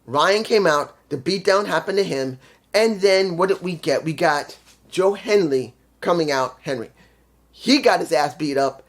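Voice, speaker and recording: A man's voice: a little high, lively intonation, measured pace. A man talking through a wrestling show in a loose, casual review. He grows frustrated and ranty, swearing heavily as he vents his complaints. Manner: frustrated ranting, heavy swearing.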